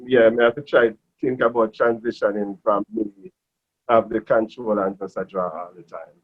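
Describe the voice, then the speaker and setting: A man in his forties, a guest in a casual interview, talking in a relaxed, soft-spoken way that often trails off. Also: fairly low pitch, moderate pace. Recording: dull lo-fi audio.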